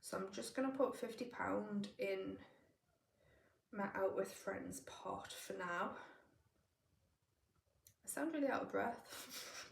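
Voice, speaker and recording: A woman's voice: medium pitch, slow pace, gravelly, long pauses, a little hiss or hum. A woman from northeast England, casually walking through her monthly budget and working out the sums aloud as she goes. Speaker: budgeting vlogger. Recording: roomy, distant from the mic.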